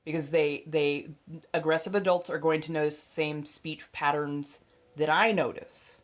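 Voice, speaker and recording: Hosting a casual livestream where she reads tarot, a young adult woman speaks unhurriedly in a low voice with fairly even intonation. She's blunt and chatty, swears freely, and dots her speech with fillers and laughs.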